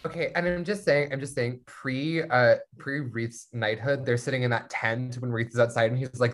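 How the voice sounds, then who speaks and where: A woman's voice: extremely low pitch, normal speed. A woman in casual podcast chat, retelling a book and acting out the characters' lines. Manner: animated, acts out characters' lines while retelling.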